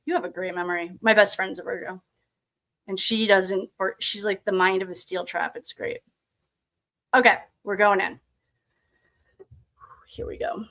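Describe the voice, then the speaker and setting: A woman's voice: medium pitch, fairly even intonation, normal speed, long pauses, a bit bright. A young woman hosting a tarot channel, chatting casually with her live viewers in a giggly, self-deprecating way. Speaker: tarot reader and channel host. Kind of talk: casual livestream chat.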